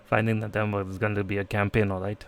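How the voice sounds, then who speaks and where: A man reading the lines of a blunt, teasing teenage girl in a flat, offhand way. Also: fairly low pitch, quick pace, close to an everyday voice. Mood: grumbling.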